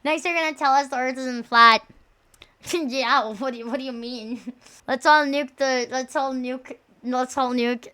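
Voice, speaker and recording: A woman's voice: sits high, fairly even intonation, a little slow, sharp tone. A young woman streamer chatting casually, rambling and joking with many fillers. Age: young adult.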